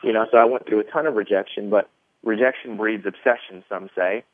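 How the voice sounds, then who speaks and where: A man's voice: lowish voice, brisk, no room sound. A man in his thirties, a podcast guest, telling his story in a rambling casual way with many fillers. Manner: rambling, lots of fillers, animated retelling. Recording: tinny phone line.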